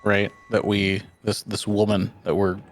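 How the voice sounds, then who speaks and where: A man's voice: lowish voice, little pitch movement, measured pace. A man playing a tabletop game who speaks hesitantly and asks for clarification. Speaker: player. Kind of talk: casual tabletop play.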